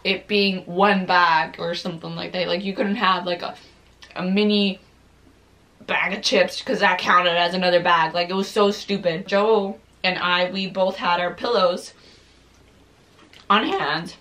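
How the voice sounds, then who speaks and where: A woman's voice: fairly low pitch, fairly bright tone. A young woman vlogger telling a story casually while eating, chatty and full of "like"s, swearing freely.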